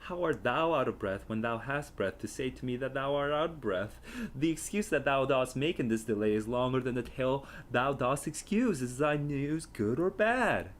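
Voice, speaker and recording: A man's voice: medium pitch, lively intonation, moderate pace, slight background noise, voice pushed up, close to an everyday voice. A man reading aloud as Juliet, an impatient, eager teenage girl pleading for news. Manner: pleading, exasperated.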